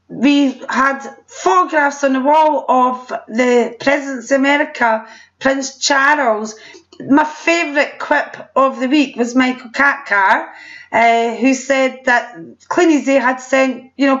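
A woman's voice: sits high, a bit bright. A middle-aged Scottish woman giving a chatty presentation over photos, with laughing, apologetic asides. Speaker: presenter at a sales meeting. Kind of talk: presentation showing holiday photos. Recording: dull lo-fi recording.

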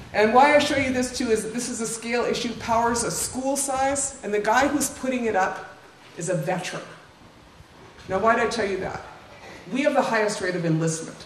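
An older woman, speaking as an invited guest, talks informally over slides in a lecture room, her voice a little high. She keeps it chatty with asides and tag questions to the audience. A little hiss or hum sits under a roomy, distant-mic recording with faint ambience.

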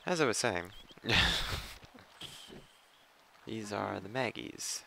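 A man's voice: on the low side, animated, slow pace, creaky, a bit bright, a little hiss or hum. A man giving casual, rambling commentary while playing a video game, thinking aloud and poking fun at himself. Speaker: let's play commentator.

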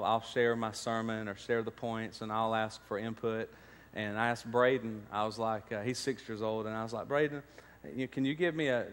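Speaking in a large hall that serves as a church sanctuary, a man preaches with a medium-pitched, fairly bright tone. This pastor tells stories and builds toward emphatic points.

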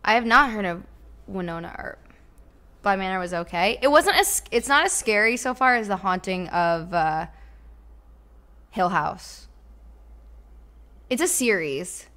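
A woman's voice: mid-range voice, lively intonation, unhurried, pauses often, sharp tone. A woman streamer casually chatting with her viewers while playing a game, blunt and talkative, now and then swearing. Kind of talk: casual live-stream chat while gaming.

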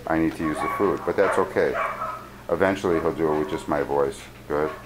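Male dog trainer with a deep voice, calm commands, camera mic, loud barking kennel behind. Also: brisk. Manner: calm, short commands and steady praise to a dog. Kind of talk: filming a training session and explaining. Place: indoors at a kennel facility. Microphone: handheld camera mic. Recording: loud background noise, dogs barking.

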